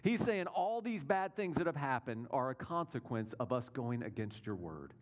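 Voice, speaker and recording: A man preaching a sermon as pastor, in a conversational way that often checks in with listeners through rhetorical questions, swinging between emphatic and hushed delivery. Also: medium pitch, lively intonation, normal speed.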